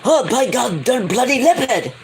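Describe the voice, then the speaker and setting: A man's voice: extremely high pitch, sing-song, normal speed, a little hiss or hum, pitched above the performer's own voice, exaggerated voice. A man putting on an exaggerated Irish accent, parodying a boisterous male wrestler with stock phrases. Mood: hammy. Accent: put-on Irish.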